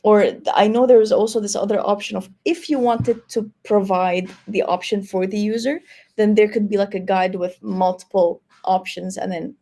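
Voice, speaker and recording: Gravelly, mellow woman moderating a webinar. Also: medium pitch, fairly even intonation, moderate pace. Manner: casual, filler-heavy, says 'like' and 'you know'. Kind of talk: live webinar Q&A.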